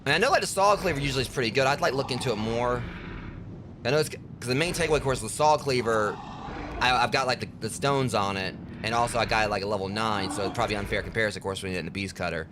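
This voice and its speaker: A man's voice: medium pitch, quick pace, noisy background. A man streaming a game, trash-talking enemies and commenting casually as he plays. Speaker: gaming streamer.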